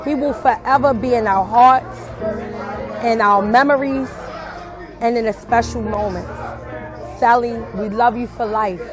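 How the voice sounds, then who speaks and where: A woman delivering a slow, deliberate tribute message for a family member. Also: a little high. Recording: music and crowd chatter behind.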